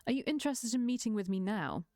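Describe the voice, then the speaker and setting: A woman's voice: on the high side, animated, quick pace, mellow, no room sound, clean studio sound, voice pushed up. A woman reading the lines of a haughty, scheming young male prince in a visual novel, sarcastic and commanding.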